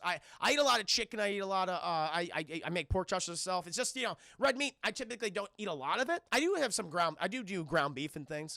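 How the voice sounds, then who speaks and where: A man's voice: high voice, vocal fry, pushed and bright, no room sound, clean studio sound. A young man with a New York accent chatting casually on a livestream, rambling and swearing as he talks to his chat. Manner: rambling, profane, addresses chat constantly. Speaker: streamer answering viewer questions.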